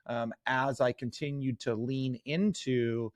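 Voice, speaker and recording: A man's voice: medium pitch, steady tone, slow, no room sound. A man in his forties, a guest sales coach, telling career stories in a podcast interview with an earnest, self-deprecating manner and frequent fillers.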